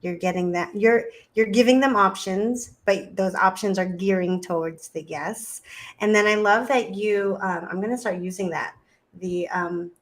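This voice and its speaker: A woman's voice: medium pitch, fairly even intonation, normal speed. A woman hosting a podcast who sums up her guest's advice with enthusiasm and some fillers. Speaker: dentist, podcast host. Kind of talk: podcast interview reaction and recap.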